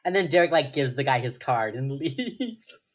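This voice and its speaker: A woman's voice: rumbling low, sing-song, normal speed. A woman co-hosting a podcast, chatting casually as she recaps a TV episode, playful, swearing freely and filling her talk with "like". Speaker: podcast co-host.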